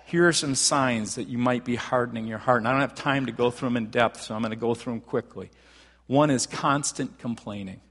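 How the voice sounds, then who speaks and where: A man preaching a sermon as pastor, talking conversationally with frequent restarts and rising to animated emphasis. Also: mid-range voice, fairly quick, in a large hall.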